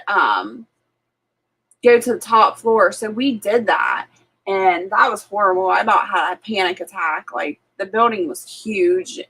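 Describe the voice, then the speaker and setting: A woman chats casually with her live viewers while she cooks, talking easily at a mid pitch. She rambles through stories, full of "like" and "um", and laughs often. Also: fairly bright tone, poor audio. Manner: chatty storyteller, laughs often, filler-heavy. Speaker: live-stream host. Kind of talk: casual live-stream chat while cooking. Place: home kitchen.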